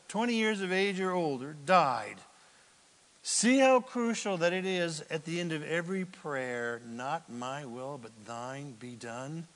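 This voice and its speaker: High-voiced, bright, dramatic preacher in a reverberant hall. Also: male voice. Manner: dramatic, swings from hushed asides to loud emphatic preaching. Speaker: pastor. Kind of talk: sermon. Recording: long reverb of a large hall.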